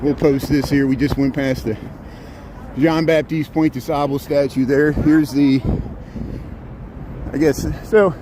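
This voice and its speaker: A man with a mid-range, fairly even voice speaks a little slowly with long pauses as he walks city streets on a live stream, greeting viewers by name and chatting casually. It's recorded on a handheld phone, with loud street traffic in the background.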